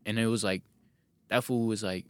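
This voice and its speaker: A man's voice: fairly low pitch, moderate pace, dry recording. A man, a podcast guest, telling stories in casual chat and acting out the exchanges he recounts. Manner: animated storyteller, acts out quoted exchanges.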